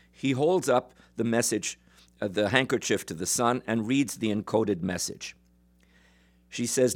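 A man lecturing as he retells a traditional folk tale in a measured way, with some fillers. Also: mid-range voice, a little mellow. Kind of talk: storytelling lecture.

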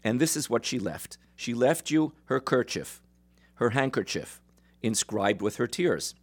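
A man's voice: medium pitch, lively intonation, measured pace. A man voicing a patient male servant. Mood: explaining.

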